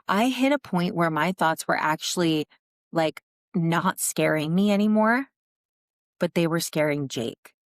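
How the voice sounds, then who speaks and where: A woman's voice: lowish voice, unhurried, no room sound, studio quality. A young adult woman hosting a podcast, telling her own story in a raw, frank way and swearing often. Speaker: podcast host. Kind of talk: candid personal monologue.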